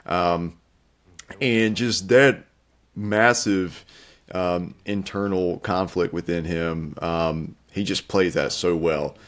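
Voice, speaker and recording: A young man co-hosting a film review show, talking casually with many pauses and fillers. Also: deep voice, steady tone. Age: young adult. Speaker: film critic co-host.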